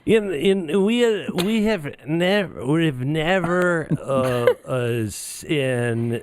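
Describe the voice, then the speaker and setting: A man putting on a halting, stumbling impression of a tipsy older politician. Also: fairly high pitch. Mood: slurring.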